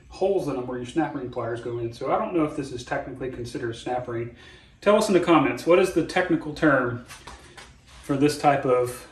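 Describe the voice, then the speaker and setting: A man's voice: medium pitch, reverberant, distant mic, noisy background. A man hosting a DIY car repair video in his garage, talking casually and joking as he explains each step aloud. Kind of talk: casual how-to narration while working. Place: home garage.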